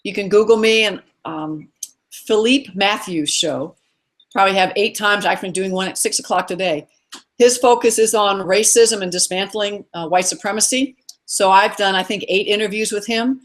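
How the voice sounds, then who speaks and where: A middle-aged woman joins a live video call interview as a guest expert, earnest and encouraging as she strings together long lists of ideas. Her voice is mid-range and her pace moderate.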